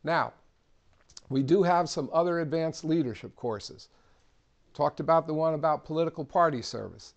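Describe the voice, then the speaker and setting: A man leads an instructional civics session in a plain, practical manner. His voice sits a touch higher than most men's, and he talks with steady encouragement. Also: normal speed, vocal fry, highs cut off. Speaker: civic trainer. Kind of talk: instructional talk.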